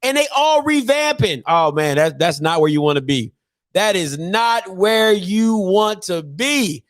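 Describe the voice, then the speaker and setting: Man, high-pitched sports talk host, hyped and chatty. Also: a little slow. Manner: animated, swings between loud hype and muttering. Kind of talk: live call-in sports talk show.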